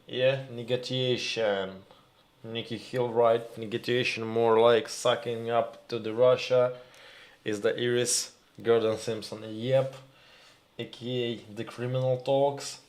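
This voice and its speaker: A Ukrainian man with a Ukrainian accent, hosting a live stream in halting English, reading viewer comments and calling his viewers "my dears". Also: mid-range voice, level tone. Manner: halting, searching for words, addresses viewers as "my dears".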